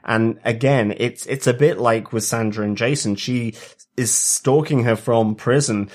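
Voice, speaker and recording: A man's voice: mid-range voice, measured pace. Hesitant man co-hosting a podcast. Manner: hesitant, many fillers and restarts. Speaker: podcast co-host. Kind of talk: casual review chat.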